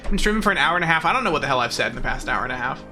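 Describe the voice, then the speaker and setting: A man's voice: on the high side, expressive, very fast, sharp tone, soft background music. A young man streaming a game, rambling in casual, goofy, self-mocking chatter.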